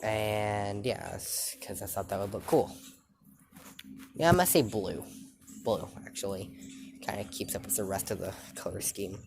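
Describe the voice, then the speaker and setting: A man casually retelling his own fan story, rambling and halting with many fillers and restarts. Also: on the low side, a little hiss or hum.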